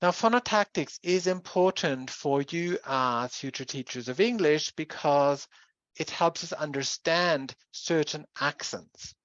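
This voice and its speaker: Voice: mid-range voice, measured pace, a bit bright, no echo. Lecturer, dull recording. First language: German. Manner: explanatory, spells out sounds and examples. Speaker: university lecturer.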